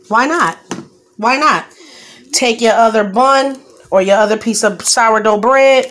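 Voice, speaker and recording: A woman hosting a casual cooking vlog, chatting playfully to viewers in sing-song rhymes, excitable and unscripted. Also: mid-range voice, a little hiss or hum. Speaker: home cook and channel host.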